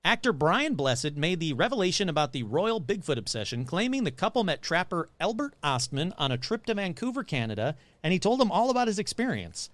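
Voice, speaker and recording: A man hosting a podcast, reading paranormal news in a jokey, animated way and tripping over words. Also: sits high, fairly quick, few pauses, no room sound. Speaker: podcast host. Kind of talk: casual paranormal news commentary.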